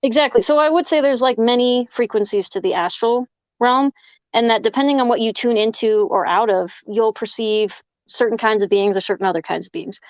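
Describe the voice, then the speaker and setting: A woman's voice: fairly high pitch, brisk, no echo, dull audio. A woman guest on a casual podcast, telling long rambling stories full of "like". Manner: rambling storyteller, many fillers of "like".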